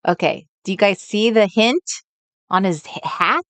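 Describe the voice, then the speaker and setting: A woman's voice: mid-range voice, a little slow, no room sound. Chatty woman hosting a crafting livestream. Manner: chatty, muses aloud, greets viewers by name. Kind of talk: casual live chat while crafting. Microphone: desk setup with overhead camera.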